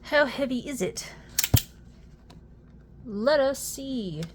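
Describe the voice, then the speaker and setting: A young adult woman chatting casually while unboxing a fidget toy, easily amused and quick to exclaim. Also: high-pitched, expressive, background noise.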